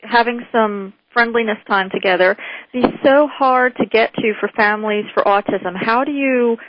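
A woman interviewer asking measured, halting questions. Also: on the high side, no room sound. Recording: dull dry lo-fi sound.

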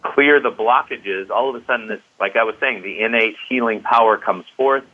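An enthusiastic male qigong teacher speaks as an interview guest, filling his talk with "you know". His voice sits a little low. The sound is narrow and tinny, like a phone call. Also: normal speed, a little hiss or hum.

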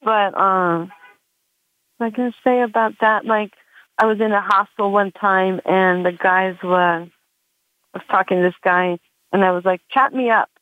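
A woman's voice: medium pitch, level tone, a little slow, long pauses, no echo. A woman comedian doing a rambling stand-up set full of fillers, as a guest on a show. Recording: dry, tinny phone line.

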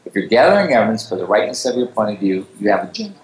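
A man's voice: on the low side, big pitch swings, rapid-fire. A man co-hosting a casual talk show, teasing and talking in loose restarts. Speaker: co-host. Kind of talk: casual chat. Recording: roomy echo with faint background noise.

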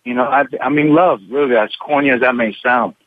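Man, actor guest, halting, stumbling restarts, tinny phone line, dry sound. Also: mid-range voice, no echo. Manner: halting, many restarts and repeated words. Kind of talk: candid interview over the phone. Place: his room at home.

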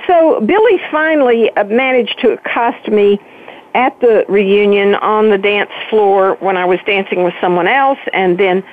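An older woman, a guest author, telling her story with animated emphasis in a phone-in interview. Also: medium pitch. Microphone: telephone. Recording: tinny phone line.

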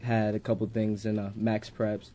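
Teen athlete guest, low warm mellow voice, polite and soft-spoken. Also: male voice, monotone, normal speed. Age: teens. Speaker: high school football player guest. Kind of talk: casual interview.

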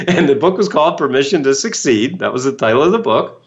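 A man's voice: medium pitch, fairly quick. A man, a motivational speaker, telling a personal story to an audience and acting out the voices he quotes. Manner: animated, acts out quoted voices. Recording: dull lo-fi sound.

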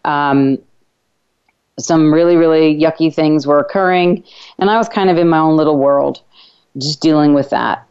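Low-voiced woman hosting talk radio. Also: a little mellow, clear, resonant tone. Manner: earnest, reflective, with halting restarts. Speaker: radio show host. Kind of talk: personal story on a talk radio show. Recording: slightly dull lo-fi radio audio.

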